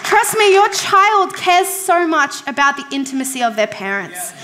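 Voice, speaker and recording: A woman's voice: sits high, very animated, moderate pace, a crowd in the background, background noise. A woman pastor preaching a sermon in a conversational, emphatic way, asking the congregation questions and repeating key phrases.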